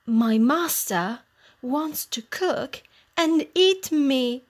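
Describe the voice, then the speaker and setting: A woman voicing an old male rooster in a children's storybook reading, with a high, excited voice. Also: extremely slow, exaggerated voice. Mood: sad.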